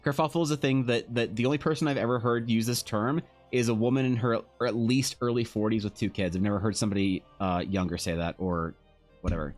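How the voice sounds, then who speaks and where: A man's voice: mid-range voice, fairly even intonation, fast talker, soft background music. A Canadian man chatting casually on a live stream, rambling and sardonic, with the odd swear. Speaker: streamer and artist.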